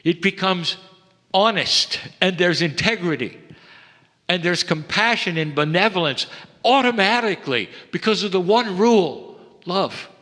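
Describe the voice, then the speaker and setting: A man delivering a channeled spiritual message to a live audience, slow and solemn, swelling up and then sinking to a soft hush. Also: high voice, expressive. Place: event hall. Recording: long hall reverb.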